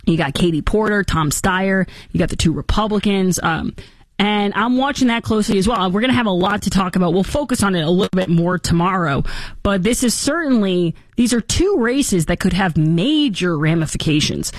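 A woman's voice: medium pitch, normal speed, dry recording, studio quality. Sarcastic woman hosting political commentary. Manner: sarcastic, animated, mocking.

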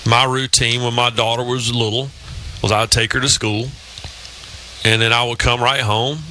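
A man's voice: medium pitch, little pitch movement, moderate pace, bright, forceful tone, a little hiss or hum, poor audio. A man in his fifties hosting a sports talk show, telling long rambling anecdotes in casual chat. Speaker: radio show host.

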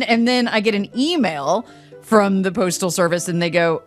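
A woman's voice: mid-range voice, normal speed, faint music behind. A woman co-hosting a morning radio show, telling stories in casual chat and acting out her own panic. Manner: animated storyteller, acts out her own panic.

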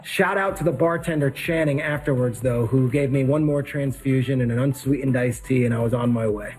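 A man hosting a podcast, chatting casually and telling stories with upbeat shout-outs before signing off. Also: medium pitch, fairly quick. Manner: chatty, storytelling, upbeat plugs. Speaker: podcast host. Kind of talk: casual podcast chat and sign-off.

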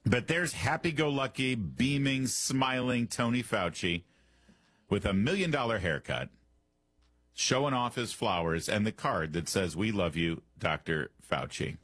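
A man's voice: medium pitch, expressive, measured pace, a bit bright, husky, no echo. A man hosting a talk radio show, commenting in a sarcastic, mocking way from a studio microphone.

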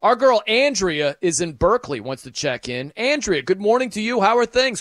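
Male sports radio host, high voice, chatty, laughs often, dry studio mic. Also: big pitch swings, normal speed, a bit bright, no echo. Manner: chatty, laughs between points. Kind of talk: casual sports talk radio.

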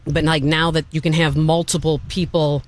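An enthusiastic man talks through a film in loose, casual chat, circling back and restarting his sentences as he goes. His voice sits a little on the high side for a man. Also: level tone, moderate pace, slight background noise. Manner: enthusiastic, rambling, with many restarts. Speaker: film reviewer.

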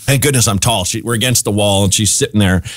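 A man guesting on a radio show, telling a funny story in a casual, animated way, often laughing and acting out what others said. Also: fairly low pitch, fast, no echo, studio quality. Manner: animated, laughing, acts out quoted voices. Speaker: comedian guest.

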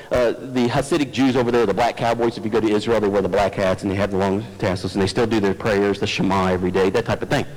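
A man preaching a sermon as pastor, conversational and self-deprecating, addressing his congregation. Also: on the high side. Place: church sanctuary. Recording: long church hall reverb.

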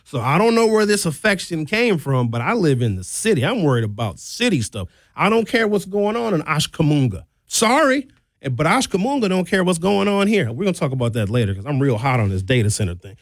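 A man, hosting a talk show and delivering an opinionated, animated monologue with blunt, sarcastic asides. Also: a little high, quick pace, few pauses, no echo, clean studio sound. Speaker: radio talk show host.

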